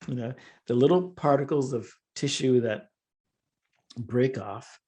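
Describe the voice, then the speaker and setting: A man speaking as a podcast guest, telling a story in an animated way and laughing often. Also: medium pitch, measured pace, slight background noise. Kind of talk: casual interview storytelling.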